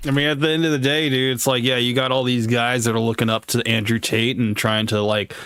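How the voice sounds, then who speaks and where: Man, casual live commentary, filler-heavy, average pitch, dead-dry room. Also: level tone, a little fast, fairly bright tone, clear, resonant tone, no echo. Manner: loose, rambling, heavy on fillers. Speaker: host.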